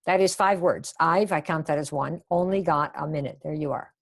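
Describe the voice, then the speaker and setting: A woman with a low, creaky voice and moderate pace runs a live sales-coaching webinar. She's chatty and coaching, reacting to viewers' comments as they come in and acting out sample phone lines.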